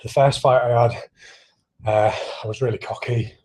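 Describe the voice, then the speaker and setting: A man's voice: medium pitch, fairly even intonation, moderate pace, a little mellow. A man in casual livestream chat, answering viewer questions while pedalling an exercise bike, rambling, swearing freely and poking fun at himself.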